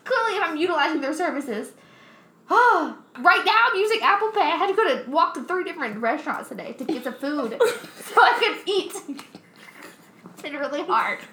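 A young woman telling a story in casual chat, animated, swearing often, laughing as she talks. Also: sits high, normal speed. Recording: roomy echo.

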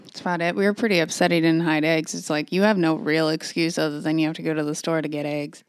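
A woman chatting casually, giving short reactions and a quick story of her own. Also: sits low, little pitch movement, clean tone, no echo. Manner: brief reactions, laughs along. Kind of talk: casual chat.

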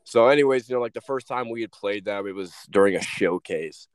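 A man's voice: lowish voice, brisk, clean tone, no echo. A young man, a former hockey player, telling rambling stories as a podcast guest. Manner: rambling, restarts, lots of "like" and swearing. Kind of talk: casual storytelling.

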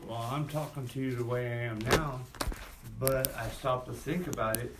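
A man's voice: mid-range voice, fairly even intonation, moderate pace, very noisy. A man talking as a father in a discussion group, reflective and searching for his words.

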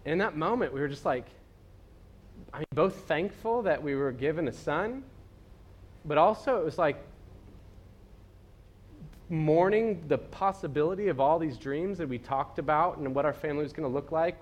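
Casual preacher, slightly high-voiced man. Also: moderate pace, long pauses. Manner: casual, filler-heavy storytelling with many "like"s. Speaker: pastor. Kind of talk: conversational sermon.

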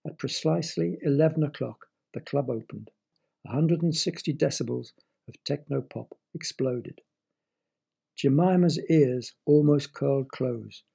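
Male narrator, storybook reading, dark mellow tone, raspy. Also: mid-range voice, measured pace.

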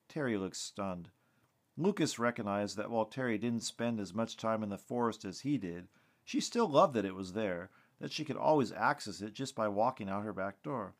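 A man reads his fiction aloud in a measured, plain manner. His voice sits on the low side, and he keeps a steady storytelling delivery. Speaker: podcast host and storyteller.

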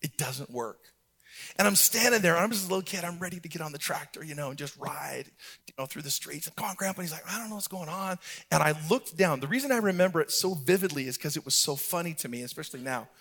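A middle-aged man preaching from the pulpit with a high-pitched voice. He tells his stories in a relaxed way, then lifts into a sung, rhythmic preacher's cadence. It is a sermon voice through and through. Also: quick pace, gravelly, breathy edge. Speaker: pastor.

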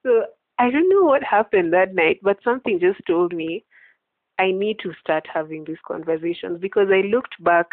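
A woman's voice: mid-range voice, animated, moderate pace, dry recording. A woman hosting a faith podcast, talking earnestly in casual chat and laughing often. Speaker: podcast host. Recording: tinny phone-like line, dry.

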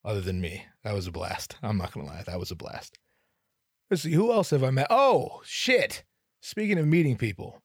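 A man's voice: fairly quick, breathy edge, dry recording, clean studio sound. Rambling, profane man on a podcast. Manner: rambling, profane, self-deprecating storytelling with sudden animated jumps in pitch. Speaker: podcast host. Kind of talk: solo comedic podcast monologue.

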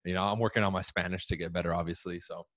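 Laid-back male host, deep voice. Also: fairly even intonation, rapid-fire, a bit bright, no room sound, clean studio sound. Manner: upbeat, slangy, talks to the audience directly. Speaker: podcast host. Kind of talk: casual live show chat.

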